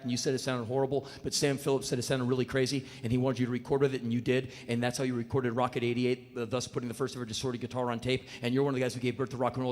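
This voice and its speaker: A man performing a live spoken word monologue, telling a story in an intense, animated and profane way, often mocking himself. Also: medium pitch. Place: stage in a large venue. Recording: echoey live hall with faint noise.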